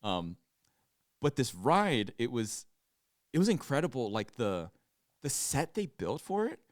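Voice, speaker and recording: A man's voice: mid-range voice, very animated, unhurried, dry recording, studio quality. A young man co-hosting a podcast, chatting casually, laughing often and acting out quotes as he retells a trip. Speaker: podcast co-host. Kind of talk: casual chat.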